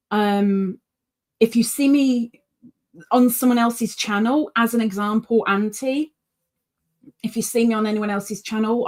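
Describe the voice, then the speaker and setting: A British woman hosting a casual live yarn stream, chatty and rambling, full of fillers and restarts, cooing now and then at her pet. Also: medium pitch. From Britain. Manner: coos baby-talk at her pet. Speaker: yarn channel host.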